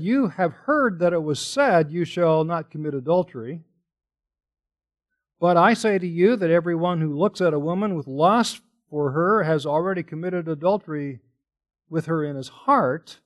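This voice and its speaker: High-voiced male preacher. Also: moderate pace. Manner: explanatory preaching with rhetorical questions. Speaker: pastor. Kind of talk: sermon.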